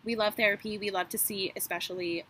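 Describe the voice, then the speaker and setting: A woman's voice: mid-range voice, steady tone, fast, fairly bright tone, a little hiss or hum. A woman co-hosting a podcast, recounting a true-crime case in a chatty, sarcastic way with lots of asides and fillers. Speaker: podcast co-host. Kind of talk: casual true-crime storytelling.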